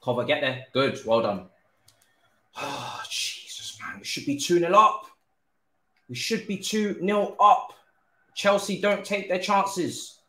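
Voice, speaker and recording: A young man streams a football game live, talking slowly between bursts of shouting and swearing at the players. His voice sits at a middle pitch and bounces around an echoey room. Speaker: gaming streamer. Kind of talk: live gameplay commentary.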